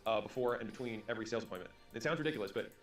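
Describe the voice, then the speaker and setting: A man in his thirties giving a motivational storytelling talk, acting out quick bits of dialogue. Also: on the low side, distant mic, faint music behind. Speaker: business and sales speaker. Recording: roomy sound from away from the mic.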